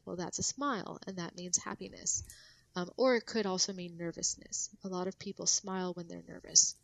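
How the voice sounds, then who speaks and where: A woman guest chats through ideas on a podcast, piling up fillers and restarts as she explains. Her voice sits at an ordinary middle pitch. The sound is dry and close. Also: steady tone, moderate pace, creaky, no room sound. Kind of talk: casual podcast conversation.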